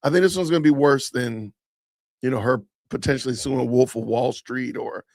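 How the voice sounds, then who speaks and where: A male podcast host in casual commentary, upbeat and chatty, giving shout-outs to his audience. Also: mid-range voice, moderate pace, vocal fry, no room sound, studio quality.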